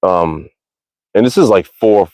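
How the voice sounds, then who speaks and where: A man chatting casually to viewers of his live stream, his voice sitting somewhat low. He rambles, swears freely and keeps correcting himself. The sound is close and dry, with no room echo. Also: takes it slowly, darkish tone. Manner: rambling, profane, self-correcting. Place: backyard outdoors.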